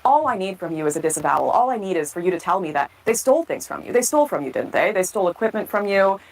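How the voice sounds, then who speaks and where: A woman's voice: on the low side, big pitch swings, rapid-fire, low-quality recording. A woman quoting a fawning, scheming man who coaxes and pushes, in a lightly raised voice. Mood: wheedling. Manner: wheedling, coaxing, pushy. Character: fawning, scheming man, pleading then menacing.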